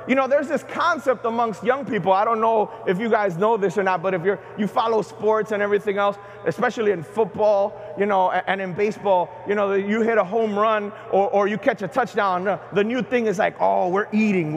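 A middle-aged man, a bishop, preaching a sermon at Mass with animated delivery and questions to the congregation. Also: very high voice, a little hiss or hum. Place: large cathedral. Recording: long cathedral reverb.

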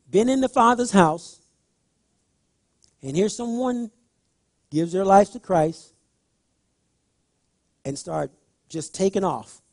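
Lively male preacher, high voice, talks straight to the congregation with loud emphatic bursts. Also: no room sound, clean studio sound. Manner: animated, repeats phrases, rises to loud emphatic bursts. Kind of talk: sermon.

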